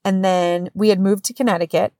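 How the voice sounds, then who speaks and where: A woman in her thirties hosting a podcast, telling a story in a casual, animated way with swearing and acted-out quotes. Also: medium pitch, a little fast, no echo, clean studio sound. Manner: animated, swearing, acts out quotes in raised voices. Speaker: podcast host.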